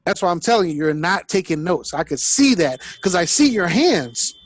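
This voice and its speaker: A man's voice: high voice, big pitch swings, normal speed. A man working as a sales coach, giving blunt, direct corrections in a coaching session.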